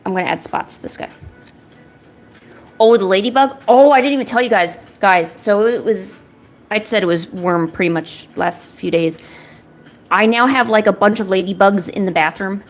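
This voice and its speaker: A woman's voice: medium pitch, moderate pace, faint music behind. Rambling self-deprecating young woman streamer. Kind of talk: casual chat while drawing.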